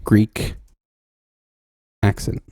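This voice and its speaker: A man's voice: very slow, very noisy. An American man co-hosting a podcast, chatting casually with lots of nervous laughs and hesitations. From United States. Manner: giggly, hesitant, self-conscious. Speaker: podcast co-host.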